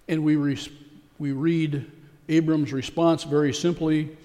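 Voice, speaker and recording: A man's voice: fairly high pitch, steady tone, takes it slowly, mellow. A man preaching a sermon as pastor. He speaks in a folksy, conversational way with a few fillers. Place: church. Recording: long church reverb.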